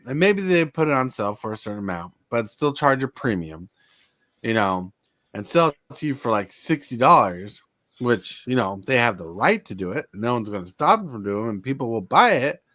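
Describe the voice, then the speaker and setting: A man's voice: fairly bright tone, no room sound. A man co-hosting a casual podcast chat, rambling with lots of fillers and repeated words. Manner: rambling, repeats himself, gets defensive and shrill. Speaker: podcast co-host.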